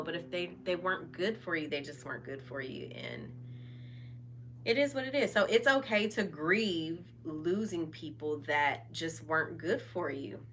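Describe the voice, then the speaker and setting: Bright-voiced woman chatting candidly. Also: on the low side, slight background noise. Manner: candid and chatty, many fillers. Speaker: vlog host. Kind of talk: casual personal talk over wine.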